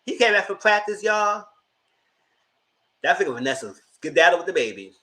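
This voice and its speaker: Animated high-voiced man reviewing TV. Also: normal speed. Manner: animated, slangy, laughs often, acts out characters' lines. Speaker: host. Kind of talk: casual live TV show review.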